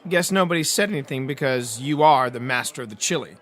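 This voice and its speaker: A man's voice: medium pitch, animated, brisk, fairly bright tone, a faint crowd. A man narrating a first-person hard-boiled detective audiobook, with a wry storytelling delivery.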